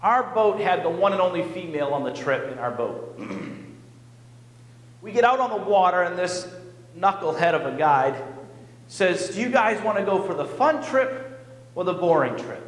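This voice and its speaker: A male pastor telling a personal story in an animated, self-mocking way during a sermon in a church. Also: high voice, moderate pace. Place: church sanctuary. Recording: echoey church hall.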